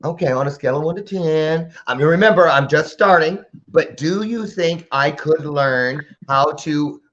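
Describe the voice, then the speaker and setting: A man's voice: a little high, normal speed, fairly bright tone, muffled recording. A man hosting a casual podcast interview, playful and joking. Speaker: podcast host.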